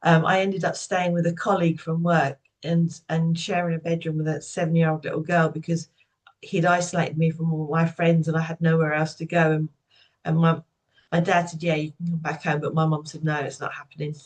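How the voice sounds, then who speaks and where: Speaking at a moderate pace in a voice that sits low, a podcast guest in her fifties shares painful memories from her childhood. She tells them candidly and steadily, in a personal way.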